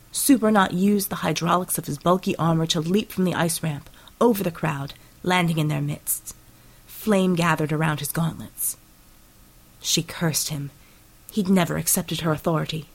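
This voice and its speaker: A woman narrates an action audiobook with steady, dramatic pacing. Her low voice carries a gravelly rasp and a husky, breathy grain. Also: low-quality recording.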